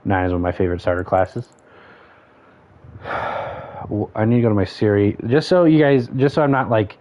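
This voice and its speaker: Speaking fairly quickly with frequent pauses, a man with a mid-range voice streams a game. The recording is dull lo-fi stream audio, and he chats casually, musing aloud and counting off choices under his breath.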